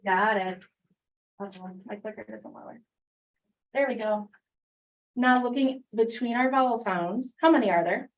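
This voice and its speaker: Teacher prompting students, voice from afar. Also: female voice, on the high side, highs cut off. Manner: brisk, prompting, encouraging questions. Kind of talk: classroom phonics instruction. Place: classroom. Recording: distant classroom mic.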